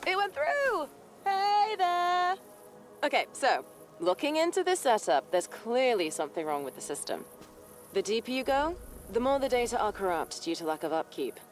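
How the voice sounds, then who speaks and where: A woman's voice: on the high side, big pitch swings, moderate pace, soft background music. A woman voicing an upbeat young mission guide who briefs the player over comms in a breezy, businesslike way. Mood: briefing.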